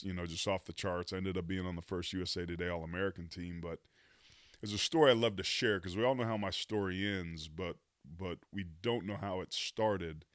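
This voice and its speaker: A man's voice: sits low, dry recording, clean studio sound. A man in his fifties, a former pro football player, telling his life story as a podcast guest in an earnest, motivational way with casual slang. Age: 50s. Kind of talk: reflective storytelling in conversation.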